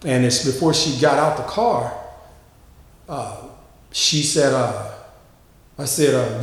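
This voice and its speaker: A man tells a long personal story at an unhurried pace, stretching his fillers and repeating words. When he quotes people his voice jumps higher and livelier. The voice rings out in a very echoey room with a long reverb tail. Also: creaky. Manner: animated, acts out quotes with higher pitch; drawls, frequent uh fillers and repeats. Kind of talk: casual storytelling.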